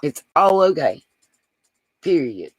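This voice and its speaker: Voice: medium pitch, big pitch swings, takes it slowly, breathy edge, no room sound, rough recording. A man hosting a livestream, chatting casually and affectionately to viewers as he reads their comments aloud. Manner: affectionate, rambling, talks straight to viewers. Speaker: livestream host.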